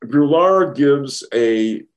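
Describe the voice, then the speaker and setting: A man's voice: medium pitch, lively intonation, very slow. A man co-hosting a podcast, talking through a film in a thoughtful way and often restarting sentences as he builds his point. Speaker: podcast co-host. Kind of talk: casual film discussion.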